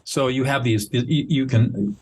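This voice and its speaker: Older guy mediator explaining his technique, earnest and teacherly, middle pitch, bit of faint noise behind. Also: lively intonation, measured pace, a little mellow. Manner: earnest, instructive, acts out example dialogue. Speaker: mediator and trainer, guest. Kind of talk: conversational explanation.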